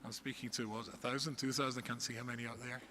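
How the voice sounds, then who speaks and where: A man's voice: mid-range voice, rapid-fire, a little hiss or hum. A middle-aged man, a rabbi, telling stories to a live audience with comic exaggeration. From Scotland. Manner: animated storyteller with comic exaggeration. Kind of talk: storytelling talk to a live audience. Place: large hall. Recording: echoey hall with faint ambience.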